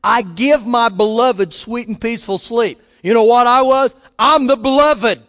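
A man's voice: very high-pitched, unhurried, a bit bright, long reverb tail. A man preaching a sermon as pastor, emphatic, repeating phrases and putting questions to his listeners.

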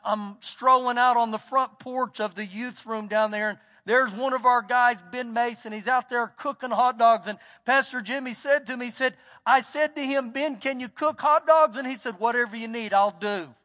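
A man's voice: extremely high pitch, fairly even intonation, moderate pace, pushed and bright. A man with a Texas accent preaching a sermon as pastor, telling folksy stories and acting out what people said, in a church sanctuary. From United States. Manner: folksy storytelling, acts out quotes. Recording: church hall with long reverb.

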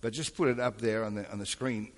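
A man's voice: lowish voice, a little fast. A man preaching a sermon to a congregation, calling out for amens and responses as he teaches from scripture. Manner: calls for amens and crowd responses. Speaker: pastor. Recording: long hall reverb.

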